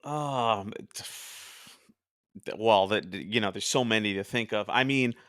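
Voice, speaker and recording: A young man from New Jersey hosting a casual podcast chat, chatty and quick to quote cartoon lines in animated voices. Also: fairly low pitch, dry recording, studio quality. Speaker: podcast host.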